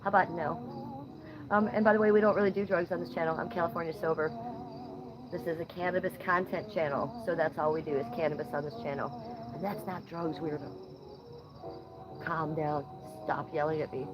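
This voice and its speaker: A woman's voice: on the low side, fairly even intonation, fairly quick, background noise. A woman from Ohio hosting a casual livestream, reading chat comments outdoors at night, blunt and playfully profane. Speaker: livestream host.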